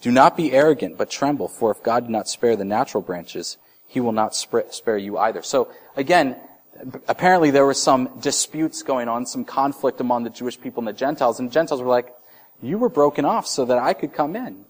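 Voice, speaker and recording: A pastor in his thirties preaches a sermon conversationally, restarting phrases and acting out short voices. His voice is medium-pitched and brisk.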